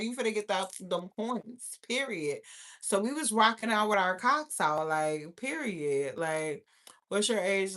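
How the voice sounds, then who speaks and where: A woman in her thirties hosting a casual livestream, talking loudly and profanely straight to her viewers, often breaking into laughter. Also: fairly high pitch. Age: 30s. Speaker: livestream host. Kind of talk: casual live chat with viewers.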